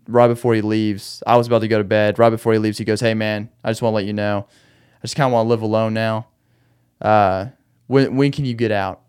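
A podcast host with a clean, mid-range voice rambles restlessly through a solo late-night episode, venting and laughing through his anger. He sounds agitated and wound up, recorded on a podcast microphone.

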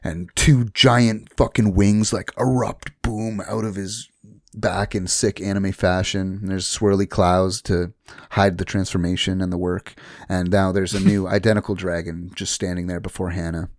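A man's voice: low-pitched, normal speed, no room sound, clean studio sound. A man co-hosting a casual podcast, recapping a show scene by scene and acting out the lines as he goes. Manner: animated storyteller acting out lines, swearing. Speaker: podcast co-host.

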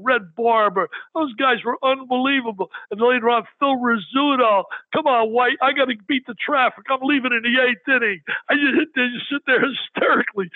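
An older man and sports broadcaster telling excited stories in an interview, with animated, exclamatory talk. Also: high-pitched, breathy edge, no echo, narrow, tinny audio. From New York area. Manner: animated, exclamatory, raises his voice for quoted arguments.

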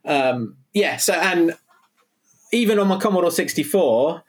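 A man's voice: on the high side, animated, a little slow, husky. A middle-aged man, talking as an interview guest in an enthusiastic, rambling way, full of restarts and tangents. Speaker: guest, video producer. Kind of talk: casual interview chat.

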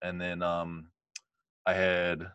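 A man's voice: sits low, completely flat delivery, slow pace, a bit bright, smooth, no room sound, highs cut off. A man in his thirties, a guest telling a candid, rambling life story with frequent laughs.

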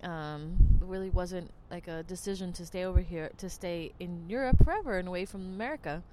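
A woman's voice: fairly low pitch, a little fast, dark tone, a little hiss or hum. A woman with a New Jersey accent hosting a podcast, talking in a rambling, chatty way with lots of fillers. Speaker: podcast host. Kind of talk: casual monologue.

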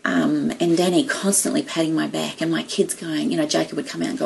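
Gravelly lower-voiced woman telling stories. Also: steady tone, a little fast, a little hiss or hum, poor audio. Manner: warm storytelling, emotional, quotes others animatedly. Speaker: guest. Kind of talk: casual chat.

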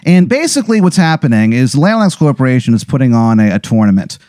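A man's voice: mid-range voice, very animated, fast talker, mellow, no room sound, studio quality. A man acting as game master, narrating an improvised comedy scene in a rambling, profane, joking way. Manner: rambling, profane, laughing storyteller.

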